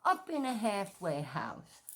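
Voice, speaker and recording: A woman's voice: medium pitch, huge pitch swings, slow pace, background noise. A middle-aged woman giving a ranting commentary vlog, swearing often and repeating her points with emphasis. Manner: profane, repetitive and emphatic. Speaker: true-crime commentary vlogger.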